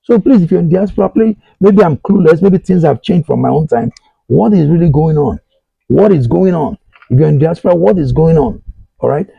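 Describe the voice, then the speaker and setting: A man's voice: on the high side, fairly quick, vocal fry, breathy edge, no room sound, narrow, tinny audio. A middle-aged Nigerian man hosting a talk show, giving earnest advice and repeating his points while speaking straight to his listeners. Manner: earnest, repetitive, addresses listeners directly. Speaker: host. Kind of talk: advice monologue.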